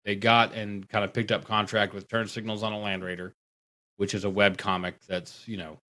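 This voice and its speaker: A man chatting casually on a podcast about wargaming, talking in a rambling, animated way. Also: fairly low pitch, a little fast. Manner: rambling, animated, mocking impressions. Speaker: podcast guest; tattoo artist.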